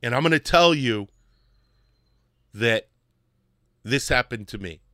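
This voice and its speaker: Bright, emphatic male podcast host. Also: mid-range voice, takes it slowly, no room sound, studio quality. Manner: animated, emphatic repetition. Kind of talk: casual storytelling monologue.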